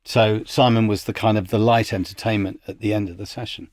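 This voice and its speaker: A man with a lowish voice speaks briskly in a dry, studio-quality recording. A music industry executive appearing as a podcast guest, he tells anecdotes in a casual storytelling interview and grows animated whenever he quotes others.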